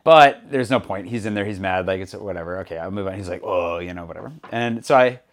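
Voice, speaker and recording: Hosting a relaxed podcast chat in Paris, a low-voiced man talks quickly and tells his stories with energy, slipping into the voices of the people he describes.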